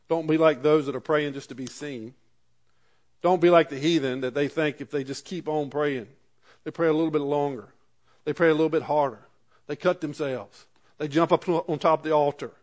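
Pastor guy preaching, reads scripture then gets emphatic, voice sits kinda high. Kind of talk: sermon.

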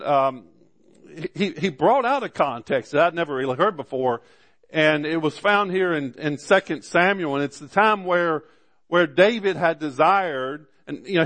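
A male pastor preaching a sermon, with frequent "amen"s and rhetorical questions to the congregation, slowing down to stress scripture and repeating words as he goes. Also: a little high, fairly bright tone. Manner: slows down to stress scripture quotes; repeats words and restarts often.

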